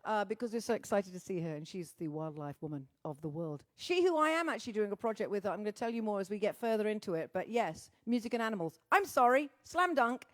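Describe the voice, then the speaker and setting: A woman's voice: medium pitch, lively intonation, quick pace, hardly any pauses, dry recording, studio quality. A woman, a singer-songwriter, hosting a livestream, chatting theatrically with viewers, greeting them by name and swearing freely. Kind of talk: casual chat greeting viewers. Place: very hot room at home.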